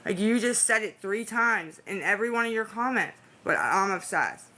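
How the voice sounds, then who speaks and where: Tired woman livestreaming, anxious and pleading, bright, tense tone, rambling casual chat. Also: medium pitch, lively intonation, normal speed. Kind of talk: casual live-stream chat.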